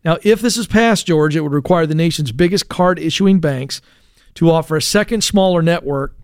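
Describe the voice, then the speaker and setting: Clear-voiced man hosting talk radio. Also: on the high side, moderate pace, no room sound, studio quality. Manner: conversational, explains news with asides and fillers. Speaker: radio talk show host. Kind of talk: casual talk radio chat.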